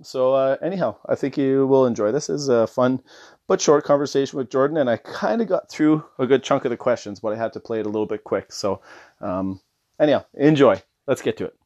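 A man's voice: mid-range voice, a little fast, darkish tone, muffled recording. A man hosting a podcast, talking in a loose, chatty, conversational way as he introduces and interviews a guest. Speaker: podcast host.

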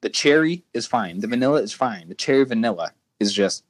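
A man's voice: medium pitch, animated, fairly quick, background noise. A young man co-hosting a podcast, rambling through casual rants with frequent restarts. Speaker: podcast co-host. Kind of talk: casual chat.

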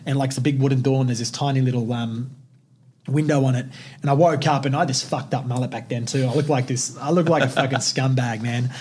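A man's voice: mid-range voice, fairly even intonation, fast talker, a little mellow, slight background noise. A young man hosting a podcast, telling personal stories in a blunt, intense and heavily profane way. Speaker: podcast host. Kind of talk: casual podcast storytelling.

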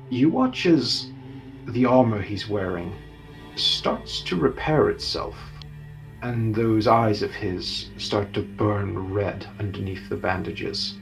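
A man narrating as game master, in a deliberate, gravelly voice. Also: on the low side.

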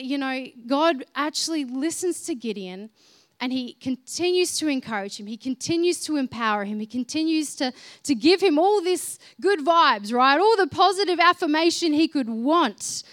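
A woman's voice: high-pitched, dry recording, clean studio sound. A woman preaching a conversational sermon, chatty and informal, speaking directly to her listeners.

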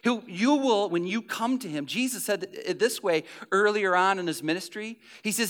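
A man's voice: high-pitched, normal speed, hardly any pauses, a bit bright. A pastor preaching a conversational sermon, repeating phrases for emphasis and often restarting his sentences.

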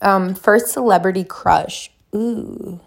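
Chatty young woman with vocal fry. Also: lowish voice, moderate pace. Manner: chatty, rambling, many fillers. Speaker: vlogger answering question prompts. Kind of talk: casual chat.

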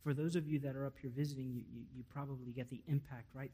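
A male pastor preaching a sermon, stressing key words loudly and then dropping almost to a whisper. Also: medium pitch, level tone, quick pace, few pauses. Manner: emphatic, swelling to loud stresses then dropping to near-whispers.

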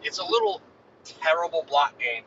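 A man's voice: fairly high pitch, normal speed, recorded from a distance, dull audio, noisy background. A man in casual chat, laid back and chiming in with jokes.

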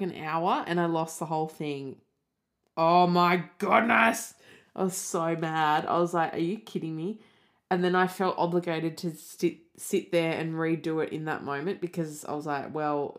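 A young woman with an Australian accent talks through a relaxed solo podcast. Her voice sits a little low, and she rambles along with plenty of "like" and "um" between her thoughts. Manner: chatty, rambling, peppered with "like" and "um". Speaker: podcast host. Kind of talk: casual solo podcast chat.

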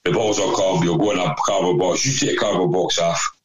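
A man's voice: deep voice, fairly even intonation, fairly quick, low-quality recording. A man telling a rambling anecdote over casual chat, swearing constantly. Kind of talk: casual storytelling.

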